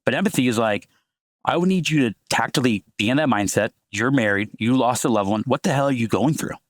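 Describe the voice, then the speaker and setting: A man guest on a podcast, a sales leader who talks fast and acts out conversations with clients. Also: mid-range voice. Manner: fast, animated, acts out calls. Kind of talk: podcast interview.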